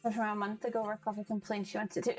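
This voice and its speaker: A woman's voice: medium pitch, level tone, quick pace, darkish tone, faint music behind, rough recording. A woman hosting a live cooking stream, chatting casually with viewers and greeting them by name as she cooks. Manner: chatty, greets chat by name, laughs often. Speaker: livestream cooking host. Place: home kitchen.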